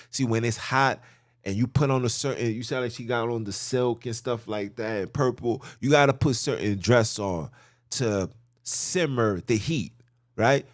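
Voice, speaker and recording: A man hosting a podcast in casual religious talk, telling stories in an animated way with street slang. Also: mid-range voice, no echo, clean studio sound. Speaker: podcast host.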